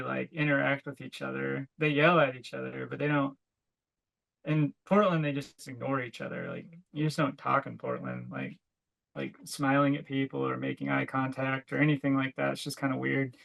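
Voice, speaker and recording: A man's voice: medium pitch, moderate pace, vocal fry, fairly bright tone, rough recording. A young adult man and podcast co-host, chatting casually and telling rambling stories full of "like," sometimes laughing as he goes. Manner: rambling, filler-heavy storytelling with frequent "like". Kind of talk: casual chat.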